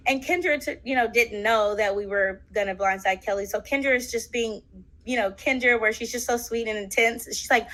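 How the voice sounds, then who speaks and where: Interview guest: woman, high and bright voice, lively casual storyteller. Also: fairly quick, poor audio. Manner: animated, acts out quotes, many fillers.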